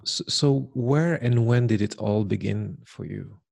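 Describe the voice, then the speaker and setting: A man with a low voice and a gravelly edge, conducting an interview. He keeps to short prompts and brief acknowledgments, steering the guest back to her story. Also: measured pace, darkish tone. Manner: brief prompting questions and backchannels. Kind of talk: conversational interview.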